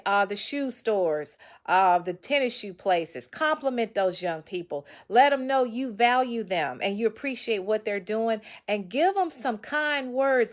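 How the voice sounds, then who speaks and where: A woman author giving casual, preachy motivational advice straight to her viewers. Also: a little high. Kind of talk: casual motivational talk to camera.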